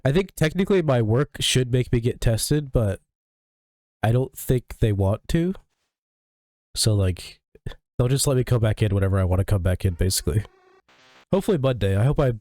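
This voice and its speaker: A man livestreaming in casual, rambling chat, swearing a lot and sounding sick, coughing and clearing his throat often. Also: on the low side, expressive, moderate pace, dark tone, dry recording. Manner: profane, ranting, full of fillers. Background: faint music.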